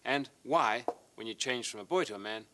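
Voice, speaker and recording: A man's voice: medium pitch, normal speed, heavy background noise. A middle-aged man presenting a science lesson, explaining and demonstrating with a model as he talks. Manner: lively, hands-on demonstrator.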